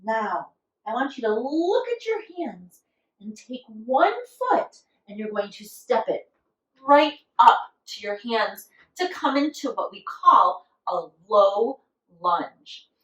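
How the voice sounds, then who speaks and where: A woman with a slightly high voice guides children through a yoga class, unhurried and encouraging. She is recorded in an echoey room from a little way back from the mic. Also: big pitch swings, far from the mic. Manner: slow, gentle, encouraging instructions with playful animal noises. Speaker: kids' yoga teacher.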